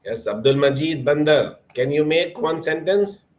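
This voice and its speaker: A man's voice: fairly high pitch, moderate pace, darkish tone, muffled recording. A man teaching an English lesson, patiently calling on students by name and encouraging them. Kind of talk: online classroom lesson.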